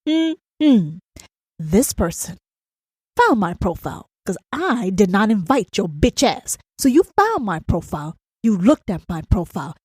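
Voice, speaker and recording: Woman, podcast host, blunt profane rant, higher voice, swooping lively pitch. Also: breathy edge, no echo, studio quality. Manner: blunt, profane and emphatic, keeps asking "do you understand?". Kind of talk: ranting monologue.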